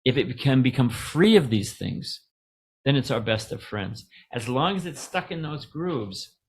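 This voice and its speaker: A middle-aged man giving a casual, joking spiritual talk, pausing to ask the audience questions. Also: medium pitch, expressive.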